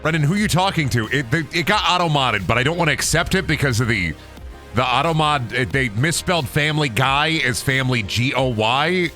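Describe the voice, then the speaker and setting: A man's voice: medium pitch, expressive, brisk, bright, forceful tone, faint music behind. A man chatting casually on a gaming stream, rambling and joking at his own expense. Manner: self-deprecating, rambling, jokey.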